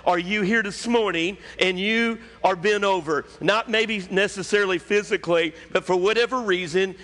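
Emphatic pastor in a reverberant hall. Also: male voice, sits high, moderate pace, a bit bright. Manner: emphatic, conversational, questions the congregation. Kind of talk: sermon.

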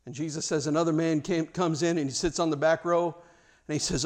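A man preaching a sermon; he is animated, often stammers and restarts, and acts out the scenes he tells. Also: a little high, brisk. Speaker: pastor.

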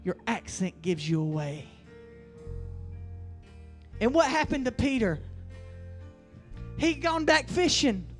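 A man delivers a fiery revival sermon in a strikingly high voice. He drives key lines loud, then draws others out slow and heavy. Faint music plays behind him. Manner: preaching with rising bursts and slow emphatic lines. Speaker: preacher.

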